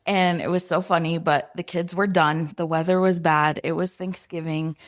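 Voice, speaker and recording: A woman guest on a podcast, telling family stories in an unhurried, gentle way with soft laughter between thoughts. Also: lowish voice, fairly even intonation. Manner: unhurried, often laughing softly while remembering. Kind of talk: casual interview storytelling.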